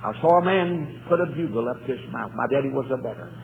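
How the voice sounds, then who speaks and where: A man preaching a fervent revival sermon who swings between quiet talk and shouting and often says "uh" between phrases. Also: mid-range voice, animated, quick pace, vocal fry. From North Carolina. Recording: tinny lo-fi recording with faint hiss.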